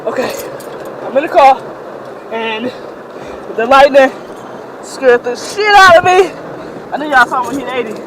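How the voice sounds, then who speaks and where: A young woman vlogging outdoors in a rainstorm on a handheld camera, excitable and laughing, with bursts of loud exclamations. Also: sits high, unhurried, long pauses, a crowd in the background, rough recording. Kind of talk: casual handheld vlog. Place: outdoors in a rainstorm, later in a car. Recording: heavy rain noise behind.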